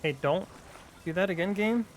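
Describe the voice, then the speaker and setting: A man's voice: high voice, moderate pace, slight background noise. A man streaming a video game, chatting playfully with his viewers and joking at the game. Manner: playful, talks to chat, jokey exclamations. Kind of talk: casual gameplay commentary.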